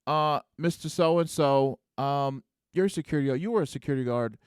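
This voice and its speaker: A man's voice: on the high side, moderate pace, clean tone, no room sound, studio quality, lightly acted. Man acting out a pushy cross-examining lawyer. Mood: pressing. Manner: pointed, interrogating.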